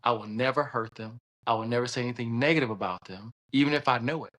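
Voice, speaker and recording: A man with a Southern American accent, a guest telling stories in casual conversation, animated and laughing often as he acts out voices. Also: medium pitch, quick pace. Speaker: podcast guest, surgeon and state senator.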